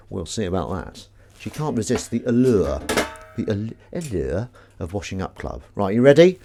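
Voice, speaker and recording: A man's voice: on the low side, sing-song, moderate pace, mellow, a little hiss or hum. A man hosting a livestream, chatting casually and making self-mocking jokes while doing the washing up. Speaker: livestream host.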